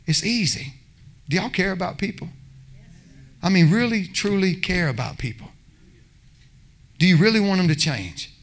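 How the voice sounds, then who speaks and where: A man preaches with fervor, his voice pitched notably high for a man. He swings between loud exhortation and quieter pleading, acting out short bits of dialogue along the way. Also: expressive, normal speed, pauses often. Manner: passionate, impassioned preaching with acted-out voices. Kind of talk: sermon.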